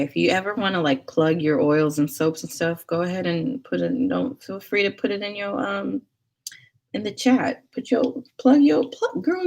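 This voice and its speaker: A young woman hosts a laid-back livestream, talking with viewers and reading out their comments between laughs and whispered asides. Her voice sits fairly low, with a somewhat dark tone.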